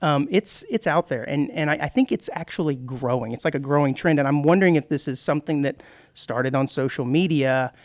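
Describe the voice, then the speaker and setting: A man's voice: fairly high pitch, brisk, no echo, clean studio sound. A man co-hosting a radio show, explaining at length in casual chat with many restarts. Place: radio studio.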